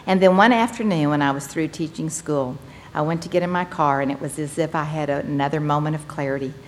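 A middle-aged woman tells her recovery story to a meeting, earnest and folksy with animated bursts. Her voice sits on the low side for a woman. A faint noise runs under the recording. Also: a little fast. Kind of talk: personal testimony talk to a meeting.

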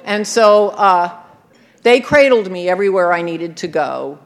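A woman with a fairly low, expressive voice shares the story of her recovery at a measured pace. Her telling is wry and self-mocking, and she often breaks into laughter.

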